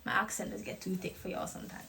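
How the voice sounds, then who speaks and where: A woman's voice: mid-range voice, flat delivery, fast talker, gravelly, sharp tone. A young woman, talking casually at home to camera about confidence, loose and playful with lots of slang. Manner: loose, profane and playful, laughs often. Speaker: vlogger promoting her clothing brand. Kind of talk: casual motivational talk to camera.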